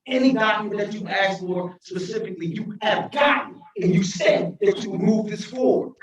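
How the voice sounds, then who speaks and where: A man speaking as mayor at a council meeting, impassioned and tagging points with "right?", sometimes shouting. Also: high-pitched, moderate pace, far from the mic. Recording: echoey chamber, voice from afar.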